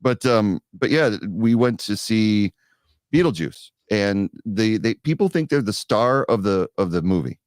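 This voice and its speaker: A man co-hosting a podcast in casual chat, animated and quick to laugh. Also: fairly low pitch, dry recording, studio quality. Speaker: podcast co-host.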